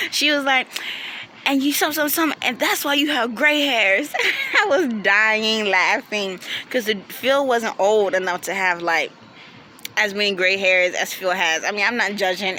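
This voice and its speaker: A young woman vlogger telling a storytime in a chatty, animated way, acting out her friends' lines, recorded outdoors. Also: medium pitch, a little hiss or hum. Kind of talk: casual storytime. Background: passing vehicles.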